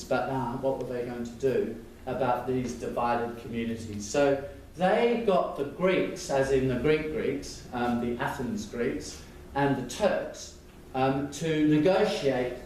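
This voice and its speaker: Halting Australian man lecturing in echoey hall. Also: medium pitch, a little mellow, a little hiss or hum. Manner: halting, many ums and restarts. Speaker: guest lecturer. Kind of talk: public lecture. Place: large echoing lecture hall. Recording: distant mic in echoey hall.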